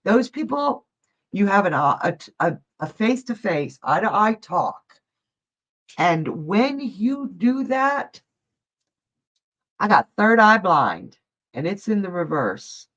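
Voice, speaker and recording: A woman's voice: medium pitch, very animated, slow, pauses often, a bit bright. Lady psychic chatting live to viewers, calls em honey, kinda muffled stream audio. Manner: chatty, folksy, addresses viewers as honey and love. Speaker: psychic reader hosting a live show.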